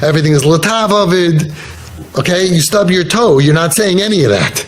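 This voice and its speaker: A rabbi speaking informally to an audience, telling stories with lively quoted voices. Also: male voice, fairly high pitch, moderate pace, slight background noise, rough recording. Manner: storytelling, animated, acting out quoted voices.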